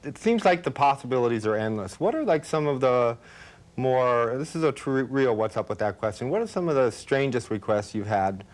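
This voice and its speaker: A man hosting a casual interview, asking relaxed, chatty questions full of fillers. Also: medium pitch, fairly quick.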